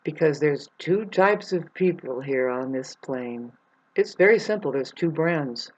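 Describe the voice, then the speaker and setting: A woman talking in a rambling, meandering monologue, jumping between loud bursts and low mutters and swearing freely. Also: animated, measured pace. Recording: dull lo-fi sound.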